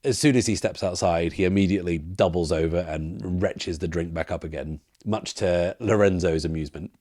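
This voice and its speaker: Deep-voiced man narrating a solo game. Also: brisk, few pauses, a little mellow, no room sound, clean studio sound. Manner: thinks aloud, with fillers and restarts. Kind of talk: solo tabletop role-play narration.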